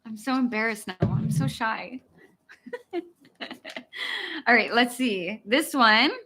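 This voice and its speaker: A bright, slightly high American woman in her thirties hosts a live-stream Q&A as an English teacher. She takes her time, laughing at herself often. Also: slow pace, a little hiss or hum. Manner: giggly, self-deprecating.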